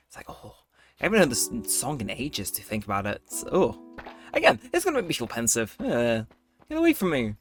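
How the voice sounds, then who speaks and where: Male let's-play host, rambling and laid-back, swinging intonation, soft game music under him. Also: medium pitch, big pitch swings, brisk. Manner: rambling, chatty, laid-back late-night talk. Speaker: gameplay video host. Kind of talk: casual let's-play commentary. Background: faint game music.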